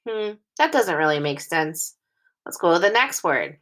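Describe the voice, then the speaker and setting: A woman teacher giving a recorded phonics lesson for young children, reading sentences aloud slowly and clearly in phrases. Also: fairly low pitch, big pitch swings, a bit bright.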